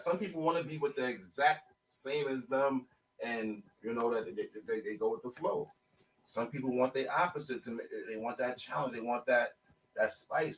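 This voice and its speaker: A man co-hosting a podcast in casual chat, animated and joking. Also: mid-range voice, far from the mic, rough recording. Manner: animated, laughing banter. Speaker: podcast co-host.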